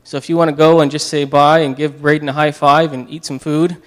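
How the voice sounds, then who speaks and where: A man leading a church service as pastor, praying and giving announcements in a halting way with many restarts, getting tearful. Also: fairly high pitch, flat delivery, a bit bright.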